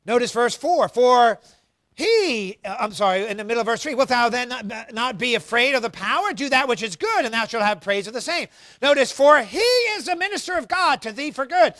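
A man preaching a sermon as pastor, emphatic, swinging between loud emphasis and quiet asides. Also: very high voice, animated, moderate pace, no room sound, studio quality. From United States.

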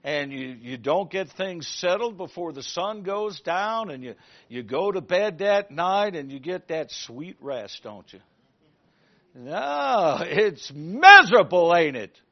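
High pitched preacher man telling a bible story, really lively, muffled lo-fi church recording. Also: slow. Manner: animated storytelling, asks the congregation questions. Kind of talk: sermon.

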